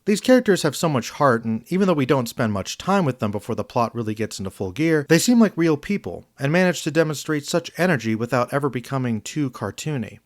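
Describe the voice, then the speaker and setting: A man narrating a scripted film review video essay in an earnest, measured, reflective way. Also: mid-range voice, animated, no echo, studio quality.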